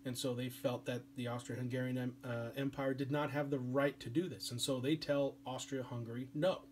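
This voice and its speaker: A man's voice: mid-range voice, steady tone, brisk, a little mellow, slight background noise. A man giving a history lecture as a teacher, speaking in a casual, chatty way with many fillers. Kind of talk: classroom lecture.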